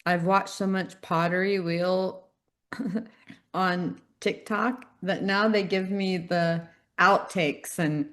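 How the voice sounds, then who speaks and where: A middle-aged woman co-hosting a podcast, telling animated stories in casual chat and laughing often. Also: on the low side, slow pace. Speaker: podcast co-host.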